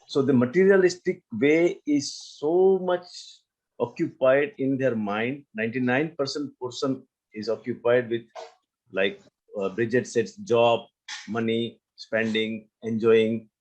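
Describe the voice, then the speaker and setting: Male call participant, husky, halting and plain-spoken. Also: medium pitch, fairly even intonation, darkish tone, low-quality recording. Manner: halting, restarts sentences, plain wording. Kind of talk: casual discussion on a video call. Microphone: video call.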